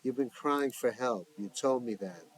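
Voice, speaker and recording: A man's voice: mid-range voice, a little slow, slightly rough, poor audio. A man voicing a frightened, protective young woman friend, speaking urgently. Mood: tender.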